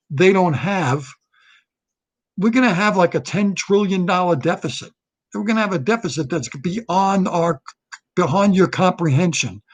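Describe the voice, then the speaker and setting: A man doing a solo political comedy rant, blunt and repetitive, restarting phrases as he riffs. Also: high-pitched.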